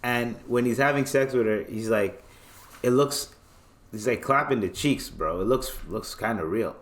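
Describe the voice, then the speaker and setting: A man's voice: medium pitch, normal speed. A man from Canada hosting a podcast in casual chat, joking, slangy and self-mocking. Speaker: podcast host.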